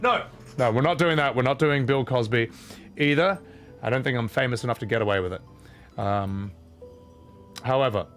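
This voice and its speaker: A man's voice: medium pitch, a bit bright. A man streaming a game, chatting casually with viewers, joking, laughing and swearing. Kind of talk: casual live-stream chat.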